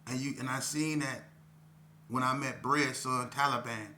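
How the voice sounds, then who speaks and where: A man's voice: medium pitch, fairly even intonation, moderate pace, sharp tone, slight background noise. A middle-aged man from Las Vegas telling his own life story in an earnest, rambling way, often breaking in with "you know what I'm saying.". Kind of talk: casual street storytelling.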